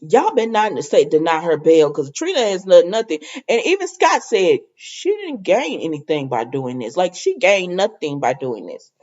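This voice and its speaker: Animated woman chatting through a soap recap. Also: fairly low pitch, moderate pace, few pauses, lo-fi sound. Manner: chatty, animated, laughing, retelling scenes in quoted dialogue. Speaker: soap opera recap host. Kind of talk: casual episode recap.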